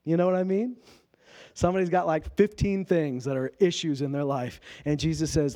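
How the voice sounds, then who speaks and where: Male pastor with a high voice, informal sermon delivery, asks rhetorical questions and acts out quoted lines. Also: steady tone, normal speed, warm tone.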